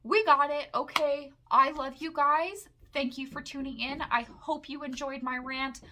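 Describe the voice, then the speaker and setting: A young woman chatting casually at home in a makeup haul vlog, gushing and rambling with excitement. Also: sits high, a little slow, noisy background. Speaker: makeup vlogger.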